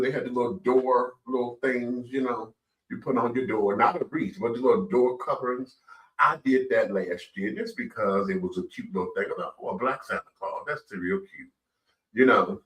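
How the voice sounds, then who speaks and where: A man's voice: medium pitch, steady tone, normal speed, pushed and bright, reverberant, recorded from a distance, poor audio. A man hosting a casual radio talk show, speaking emphatically and repeating himself. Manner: emphatic, repetitive, says "child" often.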